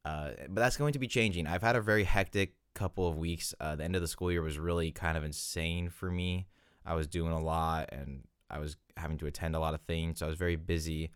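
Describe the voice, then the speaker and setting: A young man with a deep, smooth voice chats casually on his solo podcast. He rambles and corrects himself, sounding a little out of breath. The sound is close and dry. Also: fairly even intonation, fairly quick, no echo. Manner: rambling, self-correcting, chatty. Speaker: podcast host.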